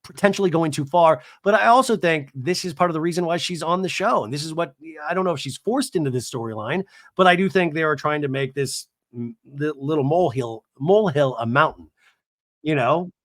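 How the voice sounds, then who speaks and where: A man hosting a podcast, giving a casual, gossipy recap with animated, swearing, exasperated asides. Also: on the high side, no room sound, clean studio sound. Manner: does quick voices for the people he quotes. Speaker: podcast host recapping a reality show.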